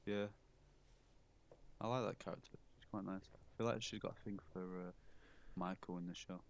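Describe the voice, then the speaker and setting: A young man with a northern English accent talks casually in a lowish voice. He hesitates and restarts often, laughing easily as he goes. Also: fairly even intonation, normal speed, vocal fry. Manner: hesitant, lots of fillers and restarts, giggly. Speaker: podcast co-host. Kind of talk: casual chat.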